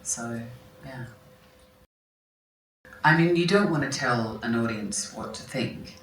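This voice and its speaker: A film actress, guest at an onstage conversation in a large festival hall, answers interview questions reflectively, often restarting and correcting herself mid-sentence. Her bass voice is slow with lively intonation, over a little hiss or hum. The recording is roomy, with a distant mic and faint ambience.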